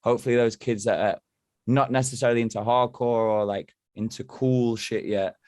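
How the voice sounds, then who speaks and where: A man's voice: mid-range voice, steady tone, moderate pace, a little mellow, dry recording, clean studio sound. A man from England talking as a podcast guest, rambling and swearing freely while he tells stories. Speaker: podcast guest, band member. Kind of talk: casual chat.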